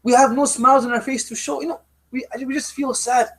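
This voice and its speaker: A man's voice: extremely high pitch, fairly even intonation, brisk. A man voicing a ruler's sad young son in a retold story, speaking in a plaintive, earnest way.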